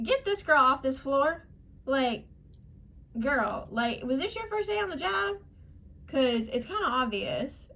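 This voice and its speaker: A young woman vlogger telling an exasperated, emphatic story to camera, acting out the people she quotes. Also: on the high side. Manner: exasperated, emphatic, quoting others in acted voices. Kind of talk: casual storytime rant.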